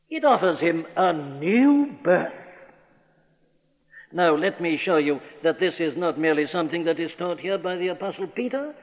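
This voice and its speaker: Man preaching, high voice, earnest rhetorical questions, thin old radio sound, echoing church. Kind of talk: sermon. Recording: old radio broadcast recording in a large hall, thin and phone-like.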